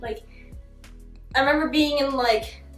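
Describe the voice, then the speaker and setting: A young woman vlogger telling a childhood story in a casual, animated way, laughing often and full of fillers. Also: high-pitched, unhurried. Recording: echoey room with faint music.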